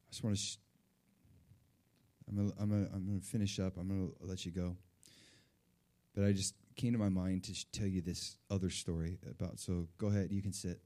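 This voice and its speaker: A man delivers a sermon centered on his own story, speaking a little fast and pausing often. His animated, excitable delivery rises high as he relives moments of joy.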